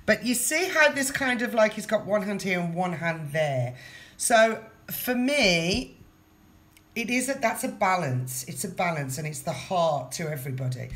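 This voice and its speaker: A woman with a lowish, expressive, slightly bright voice gives a casual tarot reading at an unhurried pace. Chatty and direct, she speaks straight to the viewer and repeats her phrases.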